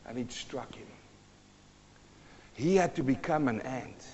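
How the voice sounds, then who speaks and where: A man preaching a sermon, telling a story with animated swings between quiet talk and shouting. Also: mid-range voice, a little slow, pauses often, slight background noise. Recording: long hall reverb, dull lo-fi sound.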